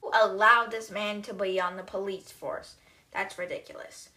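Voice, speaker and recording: A woman's voice: mid-range voice, fairly even intonation, normal speed, pushed and bright. A woman hosting a podcast, casually retelling a novel chapter by chapter with chatty, wry asides. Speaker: podcast host.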